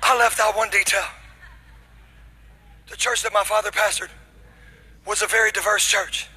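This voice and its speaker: A young man preaching a sermon, telling a comic story with shouted punchlines and then dropping to a hushed, intimate tone. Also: sits high, fairly even intonation, normal speed, husky, rough recording. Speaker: pastor.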